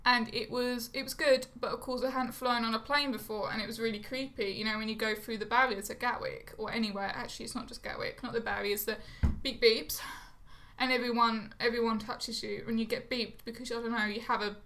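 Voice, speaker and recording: A woman's voice: a little high, fairly even intonation, brisk, a bit bright. A young woman chatting to camera in a rambling, self-mocking way, swearing casually. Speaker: vlogger. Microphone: phone or camera close to her face.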